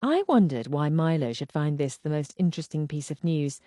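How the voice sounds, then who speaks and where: Mellow woman narrating an audiobook. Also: sits low, dry recording, studio quality. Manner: measured, expressive reading. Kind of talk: scripted first-person narration.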